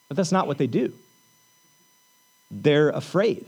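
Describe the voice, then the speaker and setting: A man preaching a sermon, repeating lines for emphasis and telling the story with animated energy. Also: fairly high pitch, takes it slowly, long pauses, husky, rough recording. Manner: repetitive, emphatic preaching with rising intensity. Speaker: pastor.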